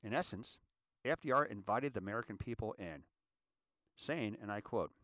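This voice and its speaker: A man giving a reflective inspirational talk, calling listeners ladies and gentlemen and repeating phrases for emphasis. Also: fairly low pitch, animated, normal speed, no room sound, clean studio sound. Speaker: inspirational speaker.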